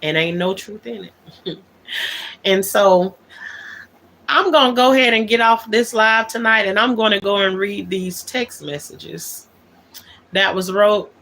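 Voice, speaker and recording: A woman's voice: mid-range voice, measured pace, long pauses, fairly bright tone, a little hiss or hum. A woman hosting a livestream, talking things out in an aggrieved, emphatic way and repeating her key words. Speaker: livestream host. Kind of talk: unscripted livestream monologue.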